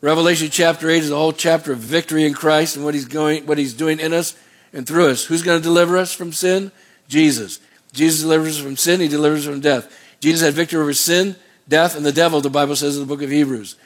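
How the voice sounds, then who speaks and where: A man's voice: fairly high pitch, fairly even intonation, quick pace. A man preaching a sermon as pastor, asking the congregation call-and-response questions.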